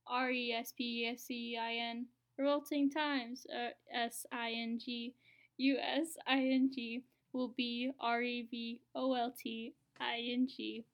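A woman from Texas in a casual podcast chat, playful and unsure, spelling words out slowly. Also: on the high side, flat delivery, dull audio. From Texas, USA. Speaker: podcast co-host spelling in the bee.

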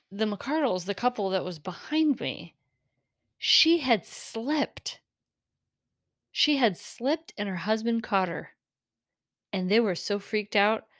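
Middle-aged woman telling her own story, heartfelt and animated, dry close mic. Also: mid-range voice, no room sound. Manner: earnest, emotional, animated retelling with laughs. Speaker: podcast host. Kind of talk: personal storytelling.

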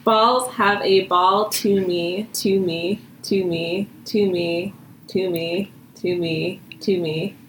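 A woman reading as a flat looping chatbot. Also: on the low side, a little hiss or hum, low-quality recording. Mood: monotone. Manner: slow, flat, repetitive. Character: female chatbot, monotone and looping. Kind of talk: reading a script aloud.

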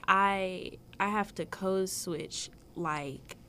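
A woman from the Southern US chats casually on a podcast, telling lively stories and slipping into other people's voices. Her voice sits in a middle pitch. A faint hum of noise runs behind her. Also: extremely slow. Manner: animated storytelling, acts out voices. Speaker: podcast co-host. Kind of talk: casual chat.

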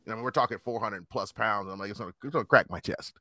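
A man in his thirties telling rough stories in casual chat, swearing and acting out quotes in a higher voice. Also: very fast, no echo, studio quality. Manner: animated storyteller, swearing, acts out quotes in higher voice.

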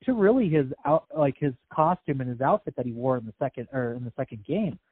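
In this casual movie review chat, a male podcast co-host recounts game and film history as a string of facts, hesitating and filling pauses often. His mid-range voice is slightly rough, animated and fast. There's no echo, and the sound is dry and tinny like a phone line.

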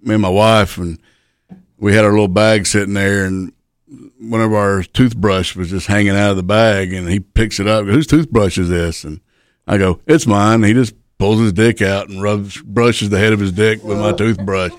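This guest is a retired pro wrestler in middle age, swapping relaxed, profane backstage anecdotes in casual conversation. His clear, resonant voice runs low with little pitch movement at a normal speed, in clean studio sound without room tone.

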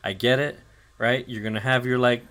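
His voice sits at medium pitch with fairly even intonation, normal speed, and a fairly bright tone. As a podcast co-host, he walks through anime episodes in rambling casual talk full of fillers and profanity, voicing the characters' lines.

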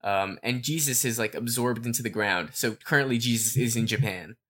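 A man co-hosting a podcast, talking through fan theories in a relaxed, rambling way with lots of fillers. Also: mid-range voice, a little fast. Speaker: podcast co-host. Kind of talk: casual fan theory chat.

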